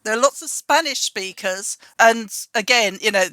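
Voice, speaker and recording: A woman with a bright, forward voice chats about her work as a publisher. She tells stories in an animated, chatty way, with plenty of restarts, and the sound is dry and close. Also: on the high side, normal speed, no echo. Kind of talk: casual conversation.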